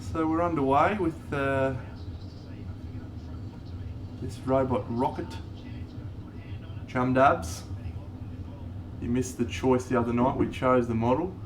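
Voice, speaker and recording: Slow laid-back man streaming. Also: mid-range voice, a little hiss or hum. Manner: greets chat viewers while painting a model, laid-back. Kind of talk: casual live-stream chat.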